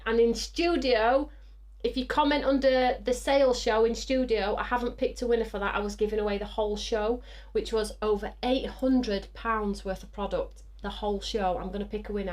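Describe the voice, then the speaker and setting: A woman hosting a live craft show, chatting excitedly, whooping and reading out viewer comments. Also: medium pitch. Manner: bubbly and excitable, whooping and laughing.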